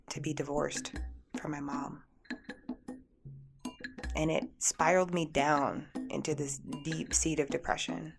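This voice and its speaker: A woman's voice: low-pitched, vocal fry. A woman hosting a spiritual radio talk show, earnestly telling a personal story in a heartfelt, repetitive way, with music playing behind her.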